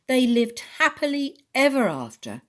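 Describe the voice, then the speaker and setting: A woman reading a children's story aloud in an expressive storytelling manner. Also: high-pitched, a little slow.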